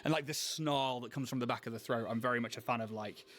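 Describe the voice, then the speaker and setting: A man's voice: medium pitch, fast talker, very noisy. Rambling man chatting while painting. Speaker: co-host. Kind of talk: casual chat while painting miniatures.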